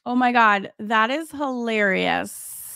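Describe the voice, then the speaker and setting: A woman in her forties, an art teacher, chats on a livestream in a slightly high voice. She rambles through her stories with fillers and laughs. The sound is dry and close to the mic. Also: slow, creaky, bright, forceful tone, clear, resonant tone, no echo. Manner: chatty, laughing storyteller with many fillers. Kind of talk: casual livestream chat.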